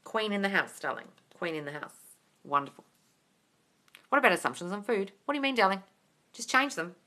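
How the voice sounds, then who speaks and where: A woman with a medium-pitched, sharp-toned voice speaks briskly with big pitch swings. Hosting a live-stream Q&A as a manifestation coach, she reads comments from viewers and replies bubbly, squealing and laughing often.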